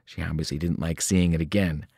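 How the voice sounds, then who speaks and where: A man reading a novel aloud to students, telling the story in a lively way and breaking into sudden voiced cries. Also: low-pitched, a little fast, gravelly, slightly rough, dry recording, clean studio sound. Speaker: reader.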